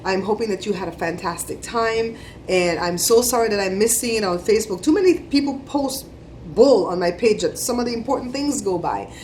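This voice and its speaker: A middle-aged woman vlogger giving chatty, animated shout-outs to her viewers. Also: medium pitch, a little fast, a little hiss or hum. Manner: chatty, animated storytelling with laughs.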